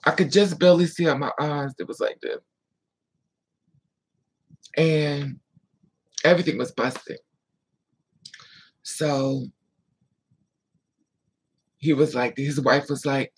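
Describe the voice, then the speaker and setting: A vlogger telling a painful personal story in a candid, emotional way, sometimes dropping to a hush, and answering viewer comments aloud. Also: mid-range voice, steady tone, slow pace, long pauses, breathy edge, poor audio. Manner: emotional, candid storytelling with frequent hushed asides. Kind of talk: casual story time monologue.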